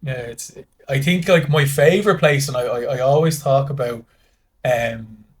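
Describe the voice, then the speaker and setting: A man's voice: mid-range voice, normal speed. Dublin man telling rambling stories. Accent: Dublin Irish. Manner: rambling storyteller acting out dialogue, many restarts. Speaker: guest. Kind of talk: casual podcast chat.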